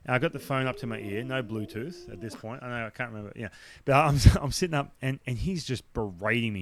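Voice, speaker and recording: Animated Australian man telling a story. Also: mid-range voice, fast. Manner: animated, acts out the dialogue of others; blunt, swears now and then. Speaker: podcast guest, former baseball pitcher. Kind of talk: casual storytelling.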